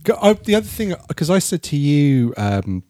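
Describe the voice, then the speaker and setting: A man's voice: fairly high pitch, very animated, normal speed, mellow, dry recording, studio quality. A man chatting casually as a podcast co-host reviewing a film, rambling and restarting his sentences.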